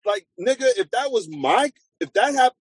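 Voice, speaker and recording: A man on a podcast in loose, profane conversation, his voice slightly husky and swinging widely in pitch as he gets worked up. The sound is close and dry, with no room around it. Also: a little fast, dry recording. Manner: animated, profane, jumps into high mock voices. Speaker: podcast co-host. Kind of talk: casual chat.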